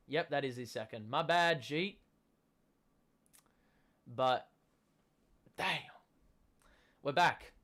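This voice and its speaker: Young male streamer, slightly higher pitch, chatty and self-deprecating, erupts on big plays. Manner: excitable, gets loud calling big plays. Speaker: streamer hosting a basketball watchalong. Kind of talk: live casual commentary, reading chat.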